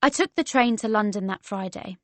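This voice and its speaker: A woman narrating a romance audiobook in the first person, in a measured storytelling manner. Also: medium pitch, expressive, a bit bright, no room sound.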